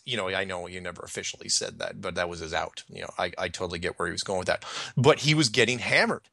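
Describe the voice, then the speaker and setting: A man hosting a casual podcast chat, rambling and halting with lots of restarts. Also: on the low side, pushed and bright, dry recording, studio quality. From Washington state, United States. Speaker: podcast host.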